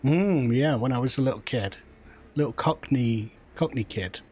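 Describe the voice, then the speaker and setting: A man's voice: medium pitch, moderate pace, darkish tone, a little hiss or hum. A man with a northern English accent chatting casually with a friend on a gaming stream, patiently explaining words. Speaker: streamer playing a space game. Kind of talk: casual chat.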